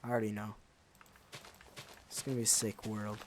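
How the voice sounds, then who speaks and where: A man's voice: lowish voice, flat delivery, noisy background. A man chatting casually while playing a game, rambling along with lots of fillers. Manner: rambling and unhurried, with many fillers. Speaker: gaming channel host. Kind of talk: casual gameplay commentary.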